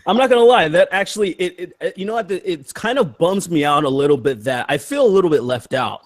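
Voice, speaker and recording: A man's voice: a little high, animated, fast, no room sound, studio quality. A man guest in a casual group chat, talking hesitantly with many fillers.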